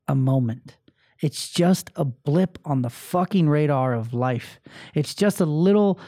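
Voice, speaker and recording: Hosting a motivational podcast alone, a man with a slightly high voice and dark tone bluntly vents about a bad day and feeling angry, swearing a lot and laying his emotions bare. The recording is clean studio sound without any room sound.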